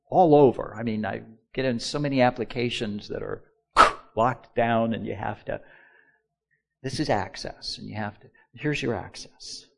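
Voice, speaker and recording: A man preaching a sermon as pastor, moving between quiet, low musing and loud, slow, emphatic lines, and leading the congregation in call-and-response. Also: creaky.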